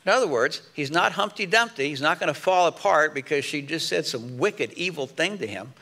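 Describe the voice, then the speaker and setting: Gravelly, bright-voiced middle-aged male pastor. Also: on the high side, animated, a little fast. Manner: conversational preaching with quoted example lines. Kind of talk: sermon.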